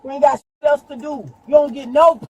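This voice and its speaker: A woman's voice: high-pitched, steady tone, fast, dark tone, dull audio. A woman detained by police, furious and cursing, hurling threats at the officers. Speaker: detained driver. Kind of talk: heated confrontation with police. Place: police stop and hospital room. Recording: echoey room with long reverb, faint noise.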